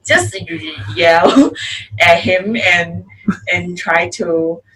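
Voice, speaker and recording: A woman who is a PhD student, speaking English as a with a first tongue in a casual podcast chat, halting and laughing often. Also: on the low side, expressive, sharp tone, breathy edge, rough recording.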